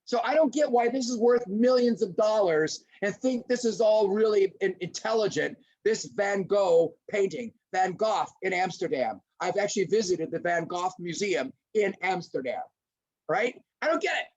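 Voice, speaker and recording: Animated man giving a webinar, lo-fi sound. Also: high voice, normal speed. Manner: animated, acts out little scenes in voices. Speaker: teacher-trainer presenting a webinar. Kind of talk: lively webinar lecture. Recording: dull lo-fi webinar audio.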